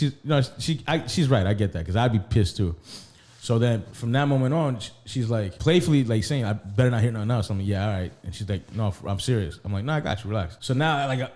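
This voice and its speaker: A relaxed man spinning a story on a podcast, slipping into the voices of the people in it as he goes. His voice is mellow and low in brightness, with a steady middle pitch. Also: brisk. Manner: laid-back storyteller, acts out quoted dialogue. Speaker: podcast host.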